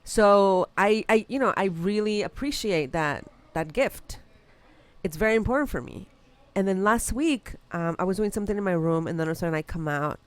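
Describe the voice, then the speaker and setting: A woman hosting a podcast in a studio, telling a story in casual chat and pausing to search for words. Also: medium pitch, dry recording.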